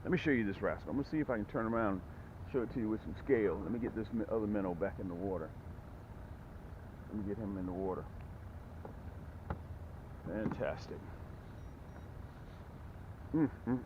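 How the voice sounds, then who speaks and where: A man hosting a casual fishing vlog from a boat. He talks in a folksy way and whoops with excitement when fish bite. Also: on the low side, fairly quick, pauses often. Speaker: fishing channel host. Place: outdoors on a boat. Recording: phone-like lo-fi audio with faint noise.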